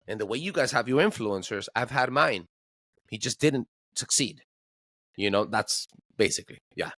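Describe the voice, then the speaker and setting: A male podcast guest who lectures emphatically, peppering his talk with slang and repeated filler words. His voice sits at an ordinary middle pitch. The recording is dry and close. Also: fairly bright tone, no room sound. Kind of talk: casual chat.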